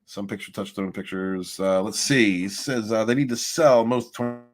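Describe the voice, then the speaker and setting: A man hosting a livestream, reading viewer chat and ranting in a rambling, profane way with loud swings of emphasis. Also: lowish voice, normal speed. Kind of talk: casual rant and chat.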